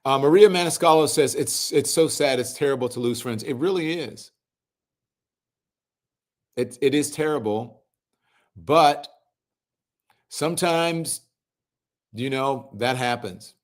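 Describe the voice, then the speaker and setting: A middle-aged man hosting a livestream, reading viewers' comments aloud and answering them in a relaxed, conversational way. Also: medium pitch, a little slow, pauses often. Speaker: host reading live chat comments. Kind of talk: casual livestream chat.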